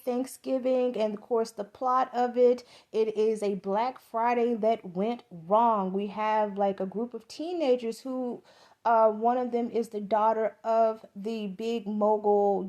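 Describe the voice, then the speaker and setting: A woman's voice: fairly high pitch, steady tone, takes it slowly, a little mellow. A middle-aged woman from the American South with a Southern accent, giving a rambling, profane, enthusiastic movie review as a podcast host.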